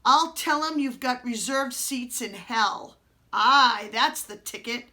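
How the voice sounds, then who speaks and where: A woman's voice: a little high, takes it slowly, sharp tone. Woman voicing a bold street-orphan boy. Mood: commanding.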